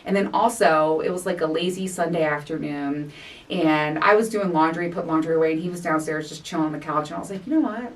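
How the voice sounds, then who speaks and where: A woman in her forties chats candidly on her solo podcast, often laughing and swearing without a filter. Her voice sits a little low, and she sounds set back from the microphone in a home recording space. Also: fairly quick, far from the mic. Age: 40s. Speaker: podcast host. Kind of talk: casual solo podcast chat.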